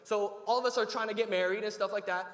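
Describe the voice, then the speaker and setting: A man's voice: high-pitched, fairly even intonation, fast talker, a bit bright. A young man giving a short sermon, shifting from casual storytelling to emphatic preaching before an audience. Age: young adult. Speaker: student preacher. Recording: echoey hall.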